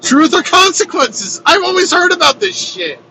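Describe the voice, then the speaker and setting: A man casually telling his own story on a road trip vlog, animated and swearing freely. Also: very high voice, moderate pace, poor audio. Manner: animated, swears freely, acts out quoted lines. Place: inside a moving vehicle on a road trip. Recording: road noise from a moving vehicle.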